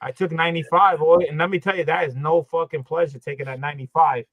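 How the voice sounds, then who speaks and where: Chatty man from Pennsylvania, slightly high. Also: fairly even intonation, fast talker, no echo, lo-fi sound. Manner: chatty, swears when griping. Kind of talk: casual chat.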